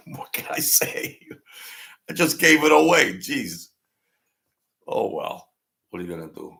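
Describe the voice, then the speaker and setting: A man's voice: low voice, vocal fry, fairly bright tone. A man in his sixties hosting his own channel, rambling through a casual monologue in a chatty, self-mocking way and chuckling often. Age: 60s. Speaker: channel host.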